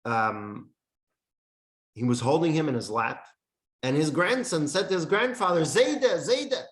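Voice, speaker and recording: A man teaching a lesson on Jewish meditation, speaking in short emphatic phrases with pauses and reading from a handout. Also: a little high, expressive, fairly bright tone. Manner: reads from a text handout. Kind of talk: classroom lesson with storytelling. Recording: roomy echo.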